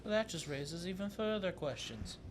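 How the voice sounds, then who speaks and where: A young man co-hosting a casual podcast, curious and quick to jump in with questions. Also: big pitch swings. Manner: curious, keeps asking questions and jumping in. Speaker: podcast co-host. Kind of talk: casual chat. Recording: noisy room with a clear background rumble.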